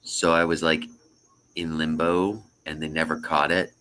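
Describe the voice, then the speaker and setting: A man's voice: a bass voice, flat delivery, unhurried, sharp tone, smooth. A man hosting a casual live stream chat, rambling through stories and telling a joke. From Florida. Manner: rambling storyteller, tells a joke with duck voices.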